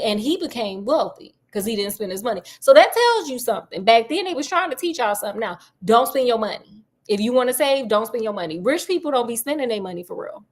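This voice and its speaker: A woman's voice: a little high, a little mellow. Slangy, joking woman storyteller. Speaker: storyteller host. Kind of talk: casual retelling of a classic novel.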